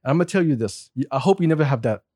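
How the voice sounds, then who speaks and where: A man in his forties from Saudi Arabia telling a story in casual chat, animated, laughing often and swearing freely. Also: mid-range voice, racing, no echo, studio quality. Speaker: guest.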